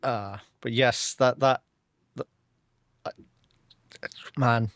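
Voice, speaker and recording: A man's voice: medium pitch, fairly even intonation, very slow, a bit bright, dry recording, studio quality. A man hosting a podcast in casual chat, hesitant, with stumbling restarts. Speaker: podcast host.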